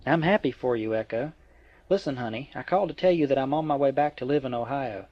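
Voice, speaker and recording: A man reading the lines of a troubled adult woman who speaks warmly to an old friend, in a plain, lightly lifted voice. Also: medium pitch, fast, no echo, natural voice. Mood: affectionate. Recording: dry, dull lo-fi.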